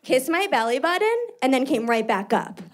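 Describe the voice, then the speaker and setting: A young woman from New York City doing stand-up, animated and self-mocking. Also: high voice, moderate pace. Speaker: stand-up comedian. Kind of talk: stand-up comedy.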